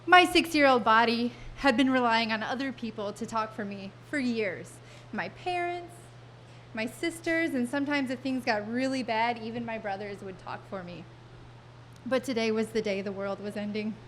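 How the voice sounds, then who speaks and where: A woman telling a funny personal story on a stage before an audience, wry and self-mocking, with vivid detail and dramatic pauses. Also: a little high, a bit bright, a little hiss or hum.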